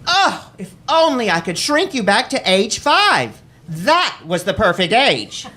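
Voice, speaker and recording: A man voicing his glamorous older mother, a doting and bossy Southern lady who makes shrill, theatrical pronouncements. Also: sing-song, a little slow, pushed and bright, husky, exaggerated voice.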